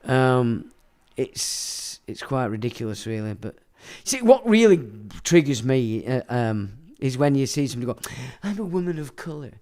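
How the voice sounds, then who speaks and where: A man's voice: medium pitch, lively intonation, measured pace, hardly any pauses, a little mellow. A man, hosting a casual livestream, reading viewer comments and ranting crudely with a lot of swearing. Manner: laughs while talking. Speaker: livestream host.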